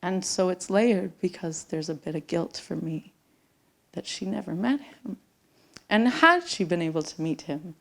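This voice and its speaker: A middle-aged woman with a slightly low voice tells a personal story live on a theater stage. She speaks intimately and sometimes drops to a near-whisper. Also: animated, unhurried, vocal fry. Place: theater stage before an audience.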